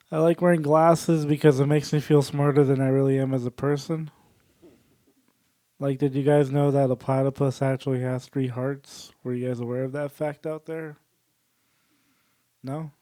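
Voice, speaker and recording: A man doing a stand-up set, working the crowd with deadpan absurd jokes. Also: mid-range voice, a little slow, long pauses, dry recording. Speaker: stand-up comedian. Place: small comedy venue.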